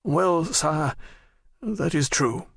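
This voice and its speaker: A man's voice: on the high side, expressive, extremely slow, vocal fry, fairly bright tone, breathy edge, no echo, clean studio sound, pitched above the performer's own voice, exaggerated voice. A man voicing a dignified older nobleman and father who pleads in courtly, earnest speech in an audiobook.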